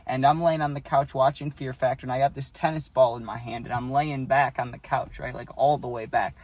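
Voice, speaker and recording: A man's voice: medium pitch, steady tone, a little fast, a little mellow, no echo. A young man telling a childhood story casually, rambling and tagging lines with "right?" and "dude".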